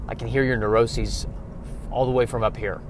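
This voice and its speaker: A man voicing an irritable bird perched up high, scolding in an exasperated way in a comedic bit. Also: steady tone, moderate pace, a little hiss or hum, natural voice.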